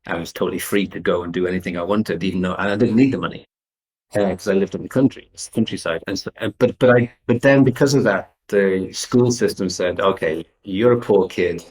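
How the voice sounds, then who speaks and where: A man's voice: sits low, quick pace, low-quality recording. An English man in his fifties, a guest entrepreneur telling stories in an interview with frequent restarts. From England. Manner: animated storyteller, restarts sentences often. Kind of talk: conversational interview storytelling.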